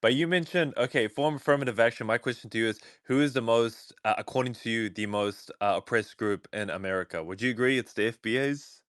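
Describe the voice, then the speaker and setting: A man from New Zealand with a New Zealand accent, calling in to debate and talking haltingly with many fillers. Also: medium pitch, a bit bright, no echo, studio quality. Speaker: caller. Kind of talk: phone-in debate.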